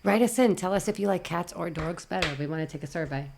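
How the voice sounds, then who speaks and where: Female co-host from Long Island, low and gravelly, easy laugh, relaxed banter. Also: fast, background noise. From Long Island, New York. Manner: laughs often, jokes along. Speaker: podcast co-host. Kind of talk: casual chat.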